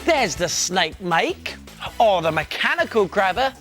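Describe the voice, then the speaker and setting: A man's voice: high-pitched, big pitch swings, a little slow, a bit bright, soft background music. A man co-presenting a children's craft show, playful and jokey while demonstrating.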